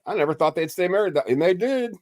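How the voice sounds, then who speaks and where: A man's voice: high-pitched, animated, quick pace, darkish tone. An older man in casual chat, joking with dry one-liners while a little tipsy.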